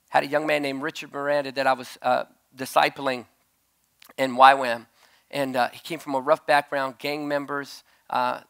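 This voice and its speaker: A man preaching a sermon at a conference, telling a story and rising to loud shouted peaks. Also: mid-range voice, gravelly. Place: conference stage.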